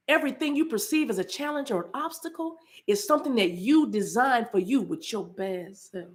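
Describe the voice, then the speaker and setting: A woman's voice: on the high side, animated, a little fast, hardly any pauses, a little mellow. A woman from the eastern United States, preaching spontaneously to a live chat, fervent and repetitive, breaking into speaking in tongues. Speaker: spiritual livestream host.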